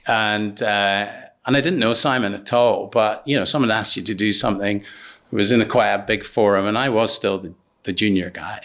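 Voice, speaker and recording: Man, low-voiced, hesitant storyteller. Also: moderate pace, a bit bright. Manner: hesitant, many ums and restarts. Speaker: business partner guest. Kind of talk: anecdotal interview storytelling.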